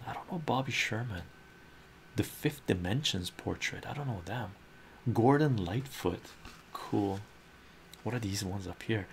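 Slow, gravelly man reading comics softly. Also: fairly low pitch, slight background noise. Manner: soft, musing commentary. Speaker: host.

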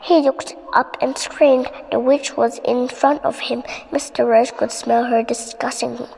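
A woman with an Indonesian first language reads a bedtime story in a hushed, gentle manner. Her voice is high and husky, and she reads slowly. A long hall reverb trails each line. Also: steady tone. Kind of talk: bedtime read-aloud storytelling.

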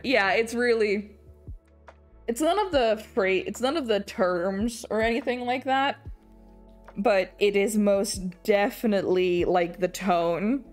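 A young woman with an English accent chatting casually on an art stream as she draws, rambling, restarting her sentences, laughing often and swearing now and then. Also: on the high side. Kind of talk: casual chat while drawing.

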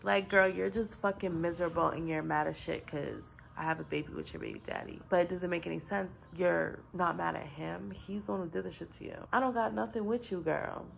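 Brief: young woman, vlogger, low and gravelly, blunt and profane, talking straight to a phone camera. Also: a little fast, hardly any pauses, slight background noise. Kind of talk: casual vlog rant.

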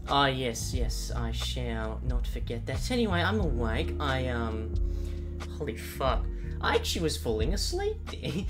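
A man's voice: medium pitch, huge pitch swings, a little slow, music in the background. A young man streaming a game, just woken up, chatting in a groggy, sweary way and laughing easily. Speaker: livestreamer. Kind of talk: casual gaming stream chat.

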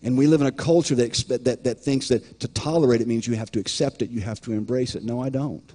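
A man's voice: mid-range voice, fairly even intonation, fast, dark tone. A man preaching a sermon as pastor, emphatic, often repeating words and acting out imagined voices.

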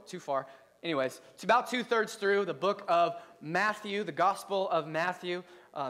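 Guy pastor joking around mid sermon, chatty and playful, voice a bit on the high side. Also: a bit bright. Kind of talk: casual humorous sermon. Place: church service.

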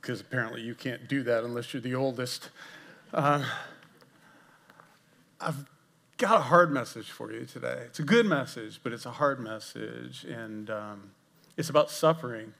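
An older executive pastor, his voice gravelly and medium-pitched, preaches at a normal speed with long pauses. The conversational sermon in the church sanctuary is jokey and self-deprecating, animated with asides to the congregation.

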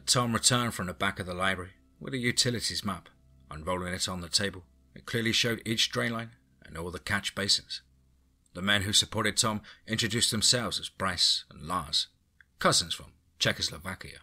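A man narrating a horror story in a steady, even storytelling manner. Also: low-pitched. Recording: faint music bed.

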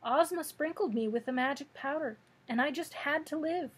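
A woman's voice: sits high, normal speed, voice pushed up, close to an everyday voice. A woman voicing a proud, odd male sawhorse come to life in a storybook read-aloud. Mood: meek. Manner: prim and proud, then meek.

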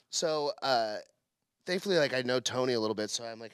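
A man's voice: medium pitch, fast talker, dry recording. A man hosting a comedy podcast, telling a story in a casual way and acting out what others said. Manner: animated storyteller, acts out quotes.

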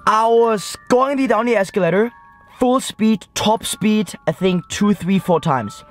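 A young man vlogging from a car at night, rambling through an excited story full of "like" and "guys". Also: high voice, measured pace, faint music behind. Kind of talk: excited vlog recap to camera.

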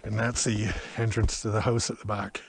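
A man's voice: on the low side, flat delivery, moderate pace, breathy edge, no room sound. Rambling middle-aged man, a bit breathless. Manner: rambling, chatty, many fillers. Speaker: gardening vlogger. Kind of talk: casual walking vlog. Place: outdoors in a snowy garden.

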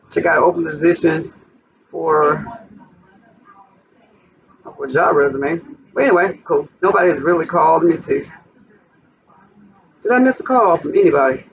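A woman's voice: on the low side, creaky. A woman hosting a casual cooking vlog in her home kitchen, chatting the viewer through each step. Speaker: cooking channel host. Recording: distant, dull, noisy home recording.

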